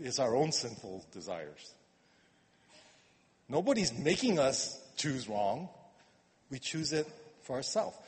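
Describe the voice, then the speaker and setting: A man preaching a sermon in a conversational way, repeating words and swinging from quiet asides to emphatic urging. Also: a little high. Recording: long reverb of a hall.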